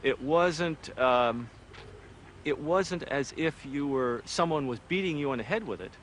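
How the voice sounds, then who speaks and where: An older man, a former space program engineer, speaking in a measured, reflective documentary interview. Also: on the high side, animated, a bit bright, slight background noise.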